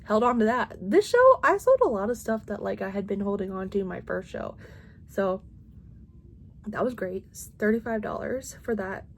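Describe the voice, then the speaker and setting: A woman's voice: mid-range voice, animated, normal speed, slight background noise. A woman in her thirties, a crochet vlogger, chatting casually at home and rambling with lots of "like" and restarts.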